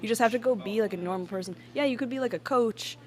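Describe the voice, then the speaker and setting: A woman's voice: fairly high pitch, fast talker, a little mellow. Playful woman teasing her podcast co-host. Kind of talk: casual chat.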